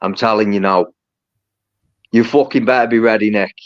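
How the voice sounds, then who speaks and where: Sweary boxer, lo-fi sound. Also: male voice, lowish voice, steady tone, normal speed, no echo. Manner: swears constantly, insistent and repetitive. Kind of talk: heated pre-fight face-off. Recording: dull lo-fi sound, dry.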